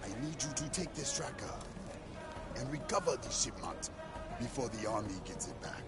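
An actor playing a zealous, scripture-quoting preacher and gun-runner in a video game cutscene, speaking in a booming sermon cadence. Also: male voice, expressive, moderate pace, close to an everyday voice. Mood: solemn. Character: fanatical preacher-warlord, older man, zealous. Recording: game audio under loud music.

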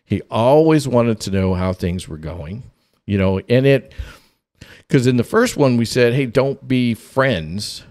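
This is a man with a mid-pitched voice telling a story on a podcast. He delivers it in an animated, humorous way and laughs often as he goes. His delivery swings between eager and hushed. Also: unhurried. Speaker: podcast host.

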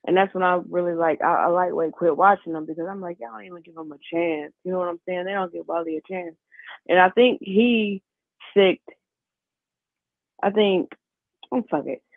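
A man's voice: high-pitched, vocal fry, no echo. A man calling in to a talk show, chatting and gossiping in a rambling way over the phone. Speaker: caller. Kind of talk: casual phone chat. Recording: tinny phone line.

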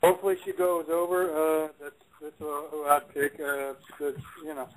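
Man with many halting uhs. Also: fairly high pitch, steady tone, rough recording. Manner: halting, full of uh. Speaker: panelist.

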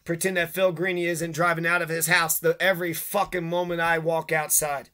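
A man's voice: a little high, flat delivery, normal speed, sharp tone. A man ranting angrily to camera, swearing constantly and accusing people one after another. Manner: agitated, profane, accusatory. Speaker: vlogger. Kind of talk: angry rant to camera.

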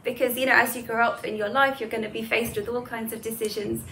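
A woman's voice: on the high side, steady tone, fast, a bit bright, slight background noise. A woman giving a talk on Hinduism to students, explaining ideas in a conversational way and telling stories with casual asides. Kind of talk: spoken moral lesson with storytelling.

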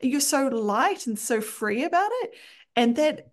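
A woman's voice: sits high, animated, a little slow. A woman hosting a faith podcast, asking questions and reflecting affirmingly on her guest's story. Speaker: podcast host.

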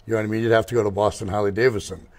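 A man's voice: fairly low pitch, flat delivery, racing, a little mellow. An older man who owns a motorcycle shop, telling rambling, digressive stories as a guest in an interview. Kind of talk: casual storytelling interview.

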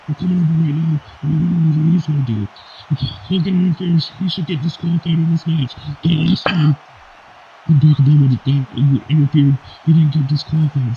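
A man giving excitable play-by-play wrestling commentary that breaks into sudden high shouts. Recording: dull lo-fi recording with faint hiss.

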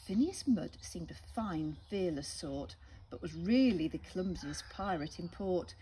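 English teacher, storytime read-aloud, slow and lively, birdsong faintly behind. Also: female voice, fairly low pitch, a little hiss or hum. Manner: gentle, asks children questions. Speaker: primary school teacher.

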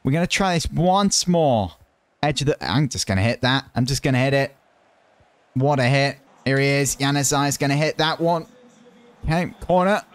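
Excitable man commentating his own gameplay. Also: medium pitch, normal speed, smooth, no room sound. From United Kingdom. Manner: excitable, loud outbursts at near misses; chatty, muttering while planning. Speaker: gaming YouTuber.

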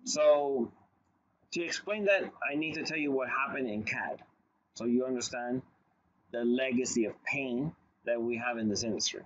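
A man's voice: mid-range voice, moderate pace, fairly bright tone, dull audio. A man giving a long lecture in a loose, conversational way, telling stories with asides and frequent restarts. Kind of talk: casual recorded lecture.

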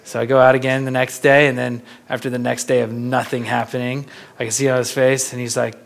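A young man from Florida giving a talk as a photographer, telling stories in a lively way and laughing often. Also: medium pitch, fairly quick, creaky. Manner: animated, laughing storyteller. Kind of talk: storytelling lecture.

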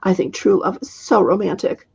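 A woman reading aloud, voicing a younger witch who is loud, chatty and gushing. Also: mid-range voice, lively intonation, normal speed, creaky, slightly rough, highs cut off, heavily acted.

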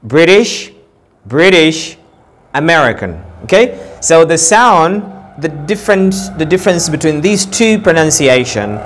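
A man's voice: fairly high pitch, lively intonation, moderate pace. A man with a Sudanese accent giving a casual English pronunciation lesson to camera, often repeating words and restarting. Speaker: English teacher. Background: street traffic.

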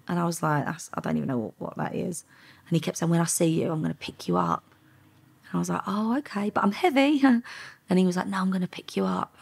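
A former undercover officer from England tells her story in a casual interview. Her voice sits very low, husky and gravelly. She acts out each exchange with lively energy. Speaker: former undercover police officer, podcast guest.

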